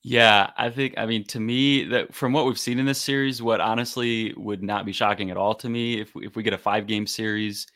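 A man's voice: lowish voice, fairly even intonation, a little fast, hardly any pauses, fairly bright tone, no room sound, studio quality. A man co-hosting a podcast, chatting casually and thinking aloud in long, qualified sentences. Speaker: podcast co-host. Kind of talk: casual sports chat.

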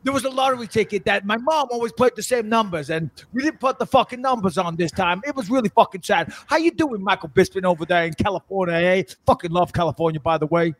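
A man's voice: high-pitched, fast talker, few pauses, no echo. A man impersonating a brash, profane podcast host who rambles and repeats his pet phrases. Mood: brash hype. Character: brash loud-mouthed New York podcast host man.

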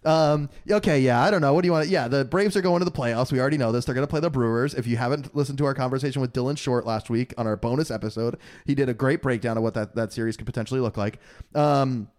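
A man's voice: mid-range voice, quick pace, a little mellow. A man in his twenties co-hosting a casual sports podcast into a studio mic, joking and teasing a lot. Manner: joking, teasing, laughs often. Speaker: podcast co-host. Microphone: studio mic with pop filter.

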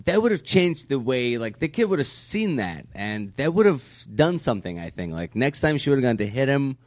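Male co-host musing out loud, dry sound. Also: medium pitch, big pitch swings, normal speed, dry recording. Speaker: podcast co-host. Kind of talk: casual comedy chat.

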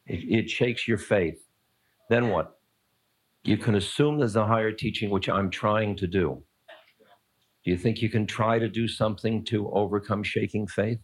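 A man with a lowish voice and fairly even intonation speaks at a moderate pace in a dry recording. He's a teacher giving an informal spiritual talk, answering a question in a conversational, playfully blunt, musing way.

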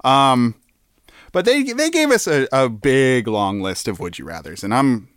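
A man hosting a solo show in a playful, meandering way, stopping and restarting often. His pitch swings widely, but he takes his time. The sound is dry and close. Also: very animated, a little slow, a bit bright, no room sound. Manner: playful, rambling, lots of fillers and restarts. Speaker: podcast host. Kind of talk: casual solo rambling.

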